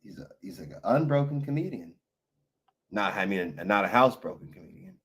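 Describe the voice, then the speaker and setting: A man's voice: on the low side, animated, a little fast, fairly bright tone. A tired man streaming live, chatting loosely with his viewers and telling rambling, profane stories. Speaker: livestreamer reading chat. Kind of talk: casual rambling chat.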